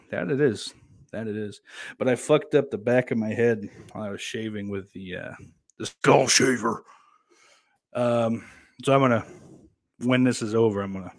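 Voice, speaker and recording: At home, a man hosts a livestream, reading viewer comments aloud, swearing freely and rambling casually. His voice sits on the low side with a slightly bright quality, and there's no room sound.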